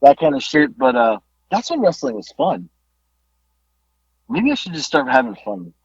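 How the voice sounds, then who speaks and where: Man, wrestler and podcast co-host, lively swooping pitch, dry muffled sound, casual storytelling. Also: moderate pace, slightly rough, no room sound. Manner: animated, laughing, swearing.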